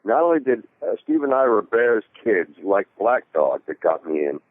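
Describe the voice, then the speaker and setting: Man telling a rambling anecdote, very low voice, thin phone-line sound, dry. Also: very animated, normal speed, dry recording. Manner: rambling, with many fillers and restarts. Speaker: actor guest in an interview. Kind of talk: casual anecdotal storytelling. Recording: tinny phone-like call audio.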